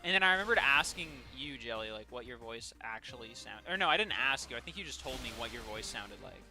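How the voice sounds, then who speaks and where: A man's voice: mid-range voice, animated, fast talker, vocal fry, over music. A man streaming a video game, casually chatting with viewers, swearing and laughing often. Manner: swears a lot, laughs often, banters with chat. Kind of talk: casual gaming stream chat.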